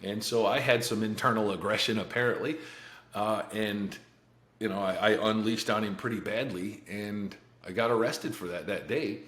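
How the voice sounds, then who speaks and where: A man in his forties, appearing as a podcast guest, gives a candid, blunt and profane account of his life story. His lowish, fairly bright voice moves at a moderate pace, with many restarts and short laughs, and the recording has a roomy echo.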